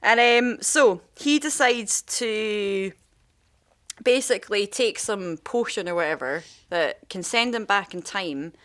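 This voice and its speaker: A woman's voice: medium pitch, lively intonation, takes it slowly, a bit bright. A woman, a makeup artist co-hosting a podcast, telling stories in casual, rambling, sweary chat. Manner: rambling, sweary storytelling with many fillers.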